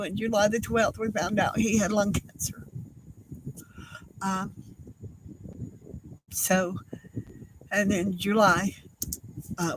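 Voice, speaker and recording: An older woman, hosting a casual craft livestream, speaking in a halting, tearful, apologetic way with many fillers. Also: mid-range voice, slight background noise, rough recording.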